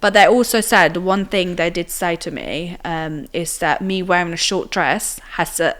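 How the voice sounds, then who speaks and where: A woman's voice: on the low side, normal speed, fairly bright tone. A young woman, telling her own story as an interview guest in a chatty way full of fillers and tag questions. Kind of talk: casual personal storytelling.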